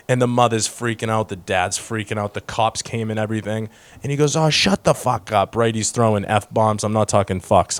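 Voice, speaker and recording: A man co-hosting a podcast, telling stories in a slangy, animated way and acting out quotes. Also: on the low side, no echo. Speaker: podcast co-host. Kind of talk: casual chat, storytelling.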